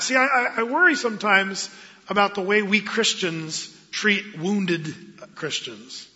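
A man preaching a sermon as pastor of his church, animated and acting out quoted voices. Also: sits high, normal speed. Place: church sanctuary. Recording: dull lo-fi sound with long hall reverb.

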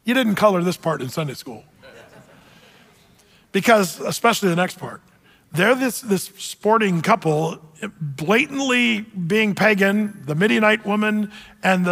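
A man's voice: sits high, a bit bright, big-room sound. A man preaching a sermon, retelling scripture with jokey asides and acted voices.

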